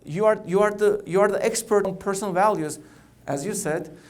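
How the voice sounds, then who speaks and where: A high-pitched middle-aged man, an oncologist, presents a conference keynote in a halting, conversational manner, repeating words often.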